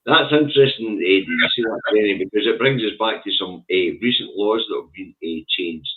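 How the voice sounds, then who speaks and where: A man joins a casual political chat. He speaks slowly and steadily, with frequent hesitations. His voice is very deep and comes through a thin, phone-like line. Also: lively intonation. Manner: measured, with frequent "eh" fillers.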